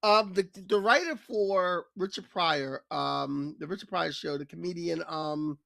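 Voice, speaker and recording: Woman, co-host, gravelly voice, dry close sound, animated storyteller. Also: lowish voice, measured pace, no room sound. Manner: animated storytelling, acts out quoted lines. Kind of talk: casual podcast chat.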